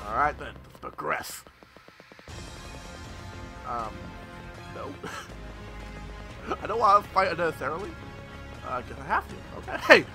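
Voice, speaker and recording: A young man giving loud, profane let's play commentary, yelling at enemies as he plays. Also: high-pitched, fairly quick, long pauses. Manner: excitable, swears a lot, yells at enemies. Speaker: gameplay commentator. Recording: game music behind the voice.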